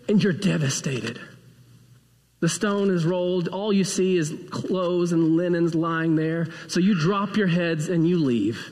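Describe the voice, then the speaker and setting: A pastor preaching a sermon, retelling a gospel story and acting out the voices of its figures. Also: male voice, high voice, lively intonation, a little slow, a little mellow. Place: church sanctuary. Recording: long hall reverb.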